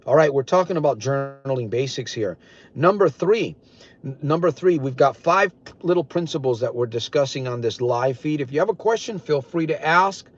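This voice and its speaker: A man's voice: mid-range voice, lively intonation, normal speed. An older man coaching listeners on a live stream, talking in an earnest, repetitive, preaching way. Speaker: recovery coach. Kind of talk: motivational live-stream talk. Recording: dull lo-fi live-stream audio.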